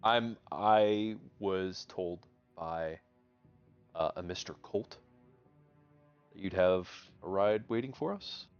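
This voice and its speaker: Hesitant low-voiced man on a dull mic. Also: slow pace, pauses often, clean tone, soft background music. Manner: hesitant, polite, many ums. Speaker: player. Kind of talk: playing a character in a tabletop game.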